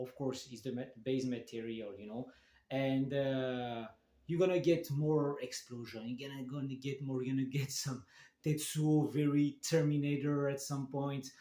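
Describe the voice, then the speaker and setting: A man's voice: medium pitch, dark tone. Enthusiastic man in an echoey room. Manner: enthusiastic, halting, many restarts and fillers. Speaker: manga reviewer. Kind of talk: casual video review.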